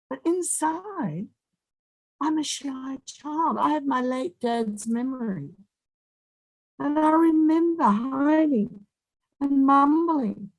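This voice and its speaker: A woman in her seventies giving an animated, emphatic motivational speech, with big swings in loudness and long pauses. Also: a little high, dry recording, low-quality recording. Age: 70s. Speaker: guest speaker.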